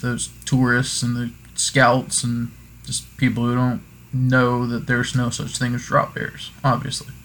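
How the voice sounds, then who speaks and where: A man at an average pitch talks casually through folklore. He wanders off into little jokey asides and corrects himself along the way. His tone stays loose and conversational. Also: a bit bright. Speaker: podcast host.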